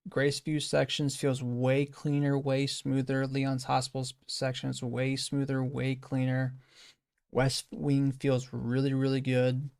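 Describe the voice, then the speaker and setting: Casting: male streamer, gravelly voice, casual speedrun commentary, talks to himself, loops on phrases. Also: mid-range voice, completely flat delivery, a little slow, darkish tone, dry recording, studio quality. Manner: thinking aloud, repeating phrases, self-correcting.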